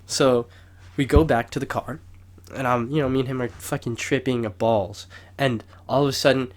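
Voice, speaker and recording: A man's voice: medium pitch, moderate pace. A young man co-hosting a podcast, telling a long story in casual chat, rambling and swearing, with raised voices when he acts out quotes. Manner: rambling, swears a lot, lively retelling with raised acted-out quotes. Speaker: podcast co-host.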